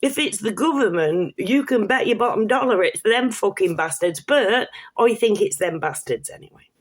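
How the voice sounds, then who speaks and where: A woman's voice: medium pitch, animated, normal speed, breathy edge. A British woman in her fifties, vlogging in a blunt, rambling, sweary way with frequent restarts. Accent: British English. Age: 50s. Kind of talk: casual monologue to camera.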